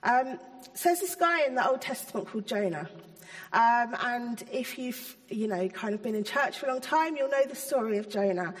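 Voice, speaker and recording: A woman with a fairly high voice gives a relaxed, conversational sermon, pausing often with ums. Her words ring out with a long reverb, as if she is speaking in a large hall. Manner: chatty, hesitant, many ums. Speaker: church speaker. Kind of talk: informal sermon.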